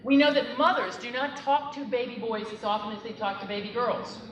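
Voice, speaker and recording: A middle-aged woman psychologist gives teachers a conversational yet emphatic lecture, addressing the audience directly. Her fairly high voice is a little fast and fairly even in intonation. It's recorded from a distance in an echoey room with a noisy background.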